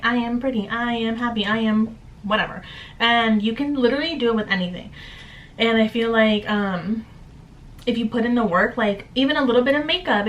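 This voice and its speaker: A woman's voice: mid-range voice, a bit bright, slight background noise, low-quality recording. A young woman vlogging at home in a chatty, upbeat, candid way, full of "like" fillers. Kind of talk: casual chat to camera.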